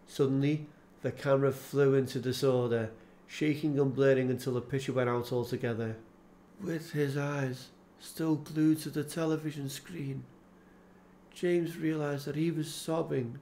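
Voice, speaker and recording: A man reading an audiobook aloud, unhurried and deliberate, with a solemn, measured delivery. His pitch sits in a middle register, and a faint hiss lies under the voice. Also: steady tone, dark tone. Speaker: audiobook narrator. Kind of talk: scripted audiobook narration.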